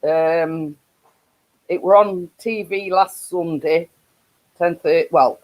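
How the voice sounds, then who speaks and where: A woman's voice: lowish voice, steady tone, takes it slowly, poor audio. A woman with a Yorkshire accent hosting a casual live stream, rambling with frequent laughs and restarts.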